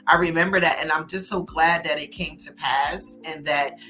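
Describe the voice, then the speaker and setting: Woman talk-show host, bright, forceful, preachy motivational delivery, faint music behind. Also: sits low, fairly even intonation, normal speed. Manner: preachy, motivational, speaks of God and manifesting. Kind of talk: casual talk show, encouraging.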